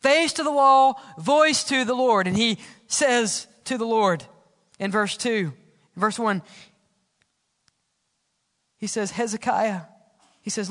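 A man preaching a sermon as pastor, swinging from loud exclamations to hushed, quiet lines. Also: high-pitched, unhurried. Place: church sanctuary. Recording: church hall reverb.

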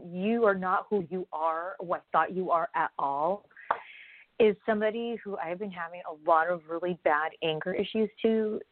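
A woman's voice: medium pitch, dry recording. A woman talks straight to her viewers in a loose, rambling vlog, drifting off track and circling back. Her voice sounds thin and phone-like, with a dry, close sound and no room around it. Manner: rambling, candid, loses her train of thought. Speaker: vlogger. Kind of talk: casual personal vlog talk.

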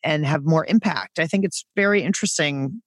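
Chatty female podcaster, animated swooping delivery, many fillers, dry close mic. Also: low-pitched, brisk, dry recording. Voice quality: very lively intonation, wide dynamic range. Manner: animated, talkative, lots of fillers and restarts. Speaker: podcast host and voice coach, guest. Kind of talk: casual conversation.

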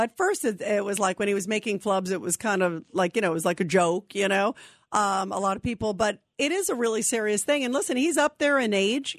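A woman's voice: mid-range voice, no room sound, studio quality. A woman hosting a call-in radio talk show, talking in long rambling emphatic stretches full of fillers and restarts.

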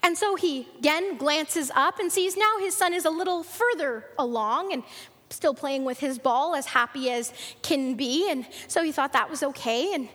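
A woman's voice: high-pitched, moderate pace, fairly bright tone, in a large hall. A woman preaching a sermon and telling a story in an earnest way, acting out the voices of the people in it.

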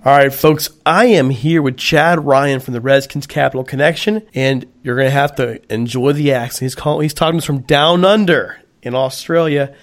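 A man hosting a casual sports podcast, rushing along at a brisk clip. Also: medium pitch, fairly even intonation. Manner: brisk, rushes through reads. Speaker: podcast host.

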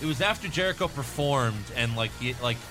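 A man's voice: mid-range voice, lively intonation, brisk, music in the background. A man co-hosting a casual podcast chat, sarcastic and swearing freely. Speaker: podcast co-host.

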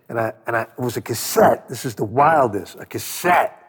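A man with a husky, slightly breathy voice tells stories in an interview, acting out what others said. He swears freely and keeps the stories moving. His voice trails off in a long reverb. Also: medium pitch, moderate pace. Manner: animated storyteller, acts out quotes, swears freely. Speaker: record producer guest. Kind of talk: storytelling interview.

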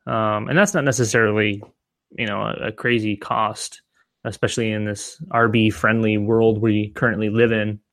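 A man's voice: fairly low pitch, little pitch movement, moderate pace, a bit bright, no room sound. Chatty man, dry close sound. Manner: rambling, many restarts and fillers. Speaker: podcast co-host. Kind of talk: casual fantasy football discussion.

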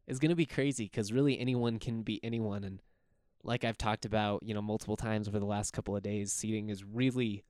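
Young guy chatting hoops on his podcast, smooth voice, real dry close sound. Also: lowish voice, a little mellow, dry recording. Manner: rambling, chuckling, self-correcting. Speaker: podcast host. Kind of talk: casual sports podcast talk.

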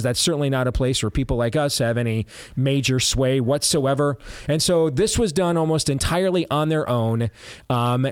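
Forceful male talk radio host. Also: medium pitch, no room sound, clean studio sound. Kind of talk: conservative talk radio commentary.

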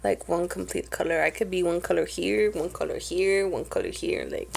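A woman's voice: on the low side, fairly even intonation, moderate pace, vocal fry, a little mellow, a little hiss or hum. A young woman co-hosting a podcast in a slangy, casual way, often saying "bro" and mixing English and Spanish. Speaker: podcast co-host. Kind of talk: casual chat.

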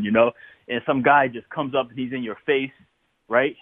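A man chats as an interview guest, telling lively stories and breaking into laughter. His voice comes through a thin, phone-like line. The sound is dry and close, with no room around it. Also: mid-range voice, normal speed, no echo. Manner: animated storyteller, laughs often. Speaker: guest, former football player. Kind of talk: casual interview conversation.

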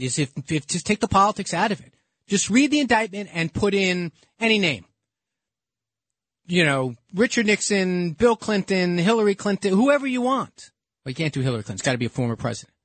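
A man with a fairly high voice hosts a call-in radio show from a studio. He talks emphatically and heatedly, stumbling over repeated words as he pushes his point. The sound is close and dry. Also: a little fast, dry recording. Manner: heated and emphatic, repeats himself when excited. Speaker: radio talk show host. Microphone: studio microphone.

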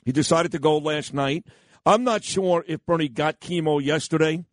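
A man in his 50s hosts a morning talk radio show, speaking at normal speed in a fairly high voice. Brash, rambling and self-mocking, he runs through the lineup amid the banter, captured on a close studio mic in a radio studio with no echo.

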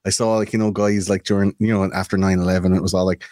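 Low-voiced, rambling podcast man. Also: flat delivery, quick pace, hardly any pauses, a little mellow, no echo. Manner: rambling, swears freely, searches for words. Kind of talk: casual chat.

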